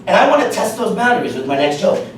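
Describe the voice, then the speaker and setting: A man's voice: high voice, big pitch swings, fast, background noise. A man giving a humorous speech at a club meeting, chatty and joke-telling, in an echoey room from far off. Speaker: club speaker.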